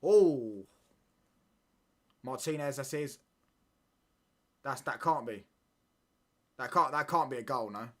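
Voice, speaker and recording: A man hosting a live football watchalong, talking in excitable, slangy banter and reacting to the play as it happens. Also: medium pitch, unhurried, long pauses. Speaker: watchalong streamer.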